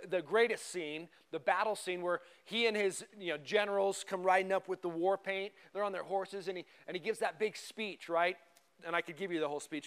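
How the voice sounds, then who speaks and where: Animated high-voiced male pastor preaching. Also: clean tone. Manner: animated, conversational, asks rhetorical questions. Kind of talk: sermon. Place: church sanctuary.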